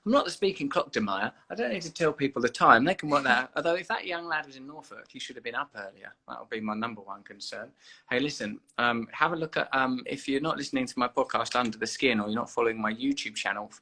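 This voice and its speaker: A man hosting a live video chat, teasing and then warmly encouraging a young caller. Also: mid-range voice, quick pace. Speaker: host of an Instagram live chat. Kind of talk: casual live-stream chat.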